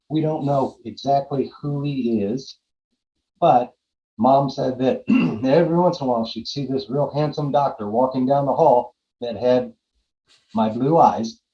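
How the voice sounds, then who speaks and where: An earnest man in his forties tells a personal story as a podcast guest. He re-enacts his own side of a conversation with mid-range pitch and often repeats himself. The audio is slightly muffled. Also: warm tone. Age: 40s.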